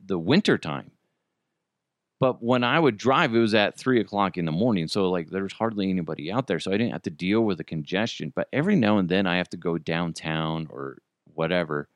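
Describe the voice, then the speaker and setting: A man's voice: low-pitched, expressive, fairly quick, dry recording, studio quality. A man hosting a podcast, talking casually and rambling with plenty of swearing. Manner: rambling, profane, offhand. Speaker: podcast host. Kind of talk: casual solo podcast talk.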